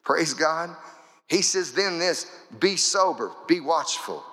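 A man's voice: on the high side, lively intonation, slow pace, a bit bright. A male pastor preaching a sermon in church, building momentum with rhythmic, repeated phrases. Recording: echoey church hall.

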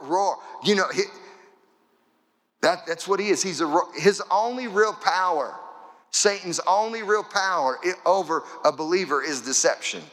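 A man's voice: a little high, sharp tone. A male pastor preaching a sermon in church, building momentum with rhythmic, repeated phrases. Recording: echoey church hall.

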